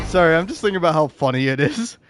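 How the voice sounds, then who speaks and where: Hoarse, ranting man, higher-pitched voice. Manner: profane, ranting, heated. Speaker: gaming YouTuber. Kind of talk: angry gameplay rant.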